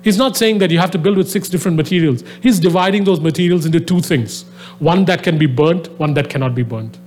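A man's voice: on the high side, fast talker, darkish tone, soft background music. A man preaching a sermon, telling a story conversationally with many fillers, then building into a fervent exhortation to his listeners. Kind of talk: sermon to a live audience. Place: venue with a soundboard.

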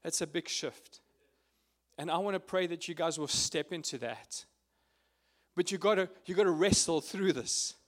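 Speaking with a fairly high pitch, a man offers heartfelt testimony at a prayer meeting, his emotion bringing him close to tears at times. His pauses are filled with hesitation words.

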